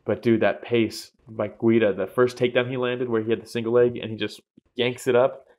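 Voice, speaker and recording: Excitable young man gushing about fights. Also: medium pitch, brisk. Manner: excitable, swears freely, laughs often. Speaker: podcast co-host. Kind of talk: casual chat.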